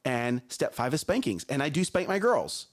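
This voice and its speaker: A man's voice: medium pitch, normal speed. A man in his thirties co-hosting a morning talk show, telling parenting stories emphatically and often checking in with "okay?". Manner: emphatic, animated storytelling with frequent "okay?". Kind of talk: casual talk show chat.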